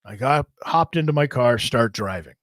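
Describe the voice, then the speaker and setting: A man hosting a podcast, telling a long story in a rambling, profane, animated way. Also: medium pitch, moderate pace, no echo. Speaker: podcast host. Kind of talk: casual storytelling.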